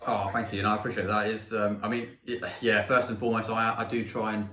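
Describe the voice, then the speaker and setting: A man's voice: on the low side, flat delivery, quick pace, a bit bright, a little hiss or hum. A man who builds guitar pedals, chatting as an interview guest, laughing easily and rambling through restarts. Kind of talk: casual interview chat. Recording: roomy echo.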